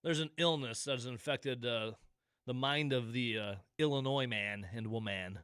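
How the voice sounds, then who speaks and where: A man's voice: medium pitch, fairly bright tone, clear, resonant tone, no room sound, clean studio sound. A man hosting call-in sports radio, mocking and sarcastic, stretching out his jokes. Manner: mocking, sarcastic, drawn-out asides. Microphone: studio microphone.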